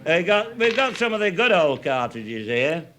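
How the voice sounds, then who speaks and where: An older man from England spins crude shooting yarns, swearing freely and breaking into laughter. His voice swings widely and sits a touch high, and the recording carries a clear hiss of noise. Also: sing-song, moderate pace, pushed and bright. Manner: salty, laughing, showing cartridges. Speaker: raconteur. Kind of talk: humorous storytelling to an audience. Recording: noisy live recording.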